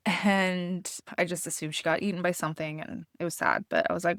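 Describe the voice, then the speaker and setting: A woman podcast host telling a personal story in a candid, expressive way, swearing freely. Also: lowish voice, brisk, creaky, hardly any pauses, no echo, clean studio sound.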